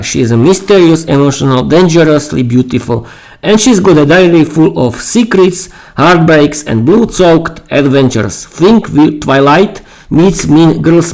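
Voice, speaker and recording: Hoarse man hosting a live stream. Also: fairly high pitch, a little mellow, low-quality recording. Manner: halting, repeats words and restarts. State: losing his voice, clearing his throat. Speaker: podcast host. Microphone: streaming mic.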